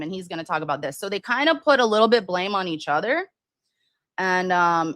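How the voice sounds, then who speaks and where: A woman's voice: medium pitch, big pitch swings, moderate pace, fairly bright tone, dry recording. A woman hosting a casual true-crime livestream, rambling with many fillers and restarts while answering viewers' comments. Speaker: livestream host.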